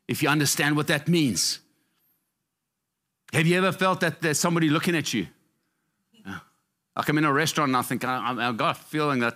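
Middle-aged male pastor, fervent sermon, keeps hammering his points, swings from high peaks to quiet low asides. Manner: passionate, repetitive emphasis, swinging up and down in pitch.

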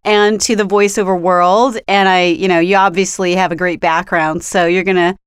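A woman hosting a podcast interview, bubbly and excitable, laughing often. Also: lowish voice, normal speed, clean tone, no echo, studio quality. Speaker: podcast host. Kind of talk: casual interview chat.

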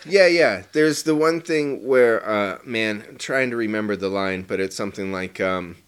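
Excitable man gushing about movies. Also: lowish voice, normal speed, few pauses, smooth. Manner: excitable, swearing, acts out movie lines. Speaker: podcast co-host. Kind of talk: casual movie review chat.

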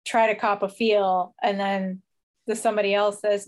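A woman's voice: medium pitch, steady tone, normal speed, a little mellow. A woman chiming in during an improvised comedy scene, explaining things matter-of-factly. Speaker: co-performer.

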